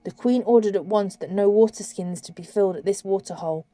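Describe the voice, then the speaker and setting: A woman reads an audiobook in a measured, steady way. Her voice is mellow and warm in tone. The recording is dry and close, with no room sound. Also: medium pitch, no echo. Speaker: audiobook narrator. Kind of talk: audiobook narration.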